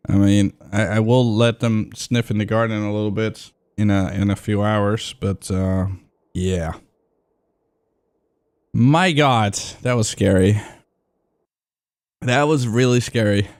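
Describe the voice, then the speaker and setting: A man's voice: lowish voice, slow, pauses often, clean tone. A young man chatting casually on a livestream, rambling and swearing freely. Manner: excitable, swears a lot, rambling.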